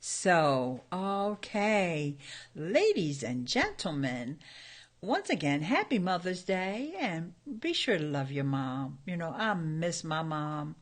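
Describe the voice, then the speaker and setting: A woman's voice: low voice, big pitch swings, takes it slowly. A middle-aged woman hosting a casual livestream from home, telling stories and talking straight to her viewers in a chatty way. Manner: chatty storyteller addressing viewers. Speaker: YouTube host.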